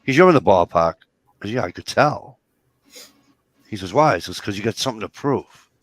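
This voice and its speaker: A man's voice: on the low side, animated, a little fast, fairly bright tone, dry recording. A man telling a story in casual chat, profane and acting out both sides of an argument. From Massachusetts. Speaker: guest in group chat.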